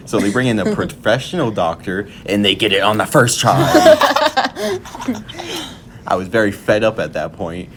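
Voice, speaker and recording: A slow-talking man with a lowish, lively voice tells a wry story on a podcast. His delivery drawls, and the pitch swings widely. Clear noise runs under this home podcast recording. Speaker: podcast co-host. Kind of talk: casual storytelling chat.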